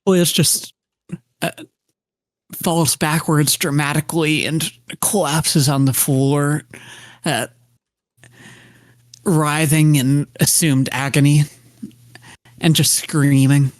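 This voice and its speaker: Slow-talking higher male player. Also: fairly even intonation, no echo. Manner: unhurried, hesitant with "uh". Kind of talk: casual tabletop play.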